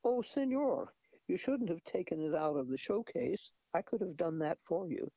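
A woman's voice: on the low side, expressive, moderate pace, warm tone, dry recording, highs cut off. A man voicing a polite but disapproving older female shopkeeper with a fussy, correcting manner.

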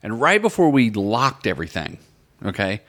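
A man's voice: lowish voice, sing-song, moderate pace, fairly bright tone. A man who directs films, a guest telling anecdotes in a casual podcast chat. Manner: chatty, tells anecdotes.

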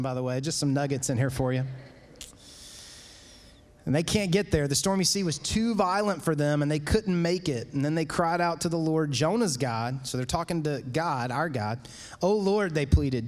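A man preaching a sermon as pastor, conversational and animated, with casual asides to the congregation. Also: a little high, in a large hall. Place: church sanctuary.

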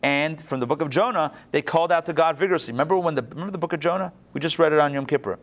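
A man leading a text-study class with a voice pitched a little above most men's. He reads from the book and then talks it through in a loose, lively way, with quick asides and restarts. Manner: conversational, animated, with restarts and asides. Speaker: Torah teacher.

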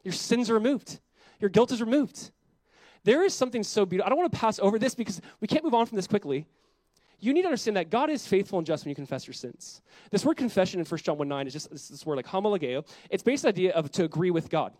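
A man's voice: high voice, big pitch swings, rapid-fire, darkish tone, no echo, poor audio. A man who is a pastor, preaching a sermon in an earnest, conversational way that builds in intensity.

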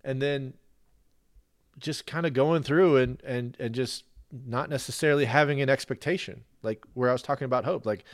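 A man's voice: medium pitch, normal speed, no echo, studio quality. Earnest man talking about faith. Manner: earnest, repeats words and restarts often. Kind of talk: casual faith conversation.

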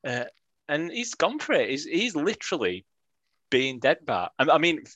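A man's voice: a little high, wildly swooping pitch, moderate pace, a bit bright, dry recording. A man co-hosting a podcast, chatting and joking with many restarts. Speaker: podcast co-host. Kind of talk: casual chat.

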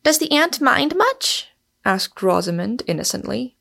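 Woman reading as a breathless young lady, high and excited, gravelly edge, sometimes a bit off-mic. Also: measured pace, heavily acted. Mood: wondering. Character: eager innocent young woman.

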